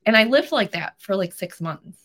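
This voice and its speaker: A woman's voice: medium pitch, normal speed. A woman in her thirties, a podcast guest, telling a personal story in an earnest, emotional way. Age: 30s. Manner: emotional, earnest, animated retelling.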